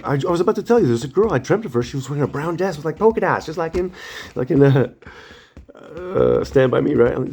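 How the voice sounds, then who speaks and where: Fast-talking husky man rambling. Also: medium pitch. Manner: animated storytelling, acts out quotes, swears freely; self-deprecating, often apologizes and laughs at himself. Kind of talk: casual rambling monologue.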